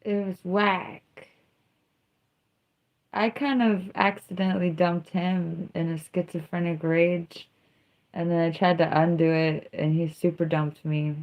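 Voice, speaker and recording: Slow, drawling sardonic young woman streamer. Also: fairly low pitch, little pitch movement, dull audio. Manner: slow, drawling and sardonic, mixing jokes with confessions. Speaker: livestream host. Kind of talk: casual livestream chat.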